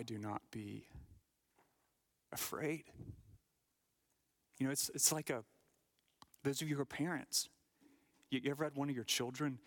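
A middle-aged male pastor preaching a sermon, emphatic, sometimes dropping to a hushed whisper and often repeating words as he builds. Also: medium pitch.

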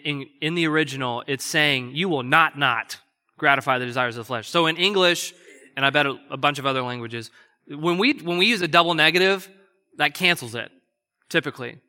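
A man preaching a sermon as pastor, earnestly, shifting between quick emphatic bursts and slow, hushed stretches. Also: on the high side. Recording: long hall reverb.

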